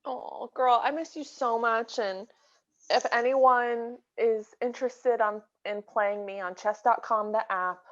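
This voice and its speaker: A woman's voice: a little high, fairly even intonation, unhurried. Sassy young woman on a dull lo-fi line. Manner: sassy, calls her friend "girl". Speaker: podcast co-host. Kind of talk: casual chat. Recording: slightly dull lo-fi sound.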